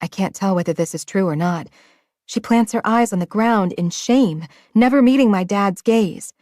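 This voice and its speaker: A woman reads a first-person romance audiobook in an emotional, often hushed way. Her voice sits at a middling pitch, and the recording is close and dry with no room sound. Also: moderate pace, dry recording. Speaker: audiobook narrator.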